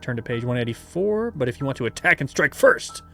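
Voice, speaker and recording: A man's voice: mid-range voice, big pitch swings, brisk, vocal fry, a bit bright, soft background music. A man reading a gamebook aloud as game master, with playful asides and laughter.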